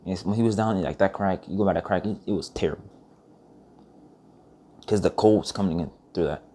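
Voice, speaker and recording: A young man with a very low voice tells a story in a loose, rambling vlog monologue. He swears often and keeps restarting his sentences as he goes. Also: fairly quick, a little hiss or hum. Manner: rambling, profane, animated retelling with restarts. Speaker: vlogger.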